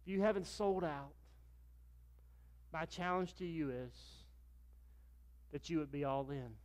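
A man's voice: fairly high pitch, unhurried. Man preaching a sermon. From Virginia, US. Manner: storytelling, acts out dialogue with raised voice. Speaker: pastor.

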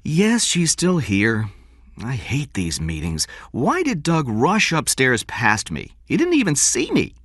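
A woman's voice: extremely low pitch, huge pitch swings, takes it slowly, slightly rough, no room sound, clean studio sound, pitched above the performer's own voice, full character voice. A man reading an audiobook, voicing a troubled woman of thirty-two who asks anxious questions.

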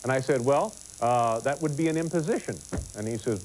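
A man hosting a late-night talk show, telling a rambling joking anecdote with halting restarts, recorded on old broadcast tape. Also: medium pitch, lively intonation, a little mellow, slight background noise, low-quality recording. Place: television studio with live audience.

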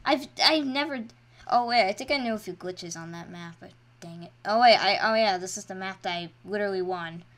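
At a fairly quick pace, a woman casually talks over her own gameplay as a channel host. Excitable throughout, she alternates between quiet mumbling and loud, high shrieks.

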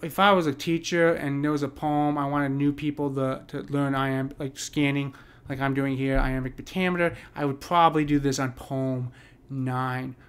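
Poetic meter is the topic as an American poetry teacher leads a casual screen-share lesson. His voice is fairly high and fairly bright, and he thinks aloud with many fillers and restarts.

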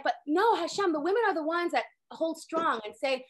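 High-pitched woman teacher; chatty, animated storytelling over a video call. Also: fairly quick, few pauses. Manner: animated storytelling, acts out characters' lines, many "like" fillers. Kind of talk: casual online Torah class.

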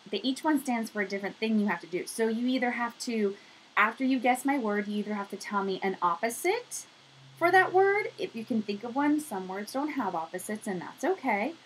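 A woman's voice: on the high side, a little hiss or hum, poor audio. A woman, a speech therapist, reading a story aloud to young children and leading a game, talking straight to them with encouragement. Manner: animated, encouraging, talks straight to young listeners. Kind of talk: children's read-aloud and activity lesson.

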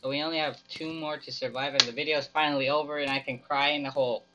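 A man's voice: on the high side, steady tone, quick pace, bright, forceful tone, slight background noise. Goofy melodramatic young man gaming. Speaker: gaming YouTuber. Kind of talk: playful gameplay commentary. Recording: slightly dull lo-fi mic with music behind.

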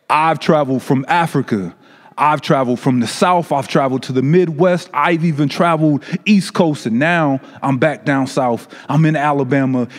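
A man voicing an ancient carpet that recalls the centuries it has witnessed, speaking slowly and solemnly with dramatic pauses. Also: medium pitch, close to an everyday voice. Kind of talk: dramatic spoken-word monologue. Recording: long reverberant room echo.

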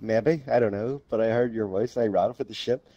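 A man's voice: fairly low pitch, brisk, mellow, no echo, muffled recording. A man playing a co-op horror game, chatting casually, laughing and swearing. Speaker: gamer.

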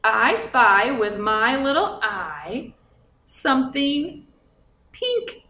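A woman's voice: fairly high pitch, big pitch swings, takes it slowly, bright, forceful tone. A woman librarian reading a picture book aloud to children in a coaxing, sing-song way and asking them questions. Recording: roomy, from a distance.

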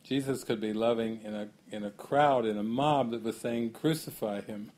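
A man giving a spiritual talk to a gathering. He muses aloud, asks questions, laughs often, and slows down on key phrases. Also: medium pitch, fairly even intonation, a little mellow. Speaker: spiritual teacher.

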